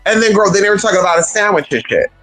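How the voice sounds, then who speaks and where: Sassy gossiping man, slightly high voice. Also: lively intonation, rapid-fire, fairly bright tone, faint music behind, low-quality recording. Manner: sassy, gossipy, swooping pitch; calls listeners girl and honey. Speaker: livestream host. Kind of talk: casual chat storytelling.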